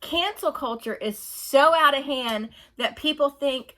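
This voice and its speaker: Rambling, exasperated woman with a high voice. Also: measured pace, hardly any pauses, a bit bright. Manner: rambling, exasperated, laughs while telling stories; mocks others in put-on whiny voices. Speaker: vlogger. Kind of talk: casual opinion monologue.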